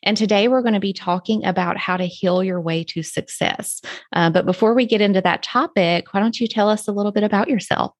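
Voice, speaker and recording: A woman's voice: medium pitch, a little fast, no room sound. A woman hosting a podcast, introducing her guest and offering brief affirming replies. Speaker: podcast host. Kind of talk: podcast interview.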